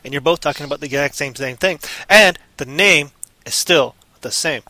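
A livestream co-host with a slightly high, bright, forceful voice rambles through silly made-up stories in a goofy, random way. He talks at normal speed, and there's no echo on the recording.

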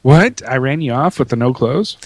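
A man trading jokes on a casual talk show, teasing his co-host and laughing often. His pitch swings around a lot as he talks. The sound is dry and close to the mic. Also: lively intonation, moderate pace, no echo, low-quality recording. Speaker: podcast co-host. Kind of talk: casual chat show banter.

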